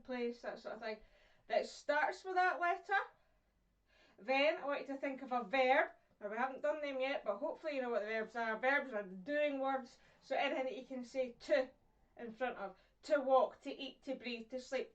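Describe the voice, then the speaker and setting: A woman teaching a live-streamed lesson from home, playfully acting out sounds and examples. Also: sits high. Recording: muffled, from a distance.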